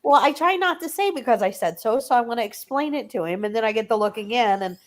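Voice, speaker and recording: A woman co-hosting a book livestream, telling animated casual stories full of "like". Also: a little high, fast. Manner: animated storyteller, many "like"s. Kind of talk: casual chat.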